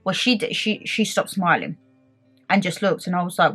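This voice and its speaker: A young woman, telling a story in a casual, animated and indignant way. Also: on the low side, moderate pace, slightly rough, faint music behind. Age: young adult. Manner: animated, indignant retelling with quoted back-and-forth. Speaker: beauty vlogger.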